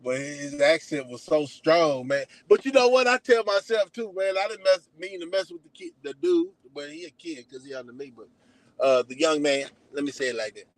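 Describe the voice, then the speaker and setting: A man with a Texan accent chats loosely into his phone from his parked car. His voice sits a little high and sounds dry and close, with no room echo. He talks in slang and rambles from one topic to the next. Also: moderate pace. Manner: loose, chatty, slangy, drifting between topics. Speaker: livestream host. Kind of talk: casual rambling livestream chat. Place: in a car at a donut shop drive-thru.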